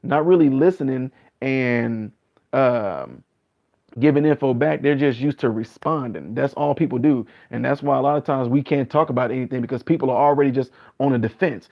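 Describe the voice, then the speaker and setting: A man in his late thirties talks earnestly to his live-stream viewers, mid-pitched and casual, circling back to the same point again and again. The stream audio sounds a little muffled and lo-fi. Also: moderate pace, creaky. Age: 30s. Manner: earnest, repetitive, acts out other people's replies in a higher voice.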